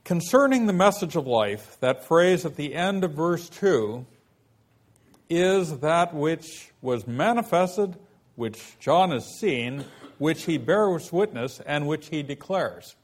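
A man teaching a Bible lesson at an unhurried, measured pace. His voice sits a little higher than most men's, and he walks through the text step by step with rhetorical questions. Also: animated. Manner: slow, deliberate explaining with rhetorical questions.

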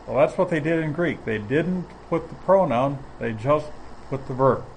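A man teaching from the Bible in a measured, explanatory way, often pausing mid-phrase. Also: on the high side, lively intonation, slight background noise, low-quality recording. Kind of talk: sermon.

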